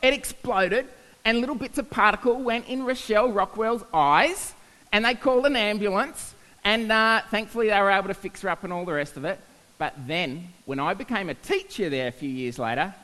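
A young man, a science teacher, tells funny stories to an audience in an animated way and laughs at himself. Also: sits high. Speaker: science teacher giving a talk. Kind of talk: storytelling talk to an audience. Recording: hall reverb.

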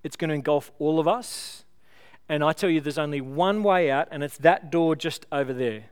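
Aussie pastor giving a sermon, earnest and pleading, clear smooth voice, bit higher than most guys. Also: male voice. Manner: earnest, pleading, builds with illustrations then slows to prayer. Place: church service.

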